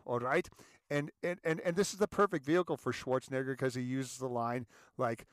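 A man hosting a show, speaking to viewers in an emphatic monologue, often repeating words and calling them ladies and gentlemen. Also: medium pitch, fairly quick, no room sound, clean studio sound. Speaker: show host.

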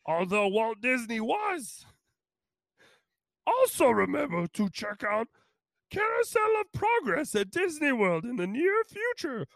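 A man's voice: very high-pitched, huge pitch swings, a little slow, creaky, fairly bright tone, no room sound, pitched above the performer's own voice, exaggerated voice. Yoda, as a man puts him on. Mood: mock solemn. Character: [male] wise old alien master, inverted speech.

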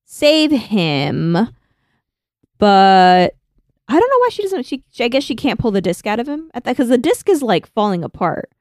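A woman co-hosting a casual chat, retelling scenes with lively quoted lines. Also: fairly high pitch, moderate pace, no room sound, clean studio sound. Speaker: podcast co-host. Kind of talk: casual chat recapping an anime.

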